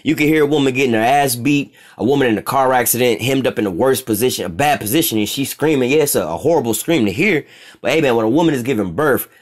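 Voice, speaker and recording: Man, informal bible teaching, profane slang, rambling, mid pitch. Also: animated, fast talker. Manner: profane, rambling, keeps asking "all right?". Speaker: scripture teacher.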